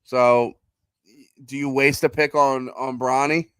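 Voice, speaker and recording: A man's voice: medium pitch, level tone, slow pace, a bit bright, clear, resonant tone, no room sound. A man with a Philadelphia accent co-hosting a sports podcast, blunt, sarcastic and profane in casual chat over a remote call. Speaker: podcast co-host.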